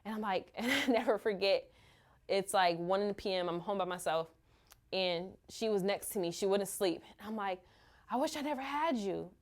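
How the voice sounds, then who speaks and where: A woman, a mother, candidly telling her own story in a halting, open way full of fillers. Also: mid-range voice. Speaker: mother sharing her experience.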